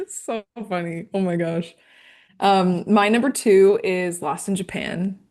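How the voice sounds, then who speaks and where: A woman's voice: medium pitch, fairly even intonation, slow pace, darkish tone. Chatty woman, rambling and laughing. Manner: rambling, filler-heavy, laughs easily. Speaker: podcast co-host. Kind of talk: casual chat.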